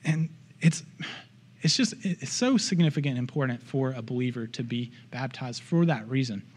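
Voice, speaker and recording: A man's voice: medium pitch, lively intonation, brisk, slightly rough. A man preaching a sermon in church, in an earnest, conversational way with frequent asides to the congregation. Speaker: pastor.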